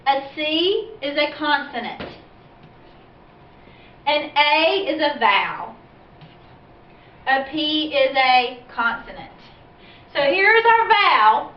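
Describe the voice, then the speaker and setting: Very animated and high-voiced, a woman teacher walks parents and children through phonics, patiently and slowly, asking questions as she proceeds. Her recording sounds echoey, dull and distant.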